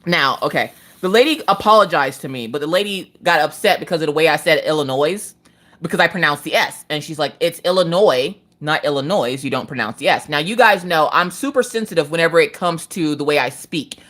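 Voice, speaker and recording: A woman's voice: sits low, brisk, fairly bright tone. A Southern woman in her late thirties chatting casually on a craft live stream, telling stories with swearing and a slight slur. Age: 30s.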